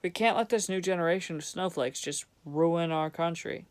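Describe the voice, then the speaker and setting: Young male vlogger, angry blunt rant, clean smooth tone, heavy swearing. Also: a little high, normal speed. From Vermont, USA. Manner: profane, blunt, sarcastic. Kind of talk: angry ranting monologue.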